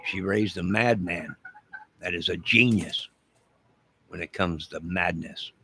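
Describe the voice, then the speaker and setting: A man's voice: low voice, slow pace, creaky, sharp tone, slight background noise. A man ranting boastfully and mock-menacingly to his viewers in a drawling, rambling way. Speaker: online music and movie channel host. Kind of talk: rambling comic rant to viewers.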